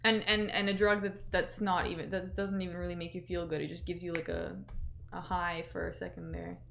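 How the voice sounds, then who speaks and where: A woman's voice: fairly low pitch, little pitch movement, fairly quick, vocal fry, fairly bright tone, slight background noise. Chatty woman hosting a fight livestream. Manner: chatty, reads out chat messages, lots of fillers. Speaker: livestream host. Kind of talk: casual livestream chat.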